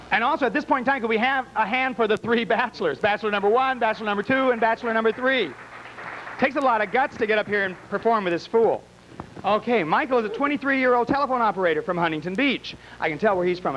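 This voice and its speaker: A man with a high voice emcees a campy live game show in a small bar. He teases and wisecracks his way through the introductions, over a faint layer of noise. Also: a bit bright, poor audio. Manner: teasing, wisecracking.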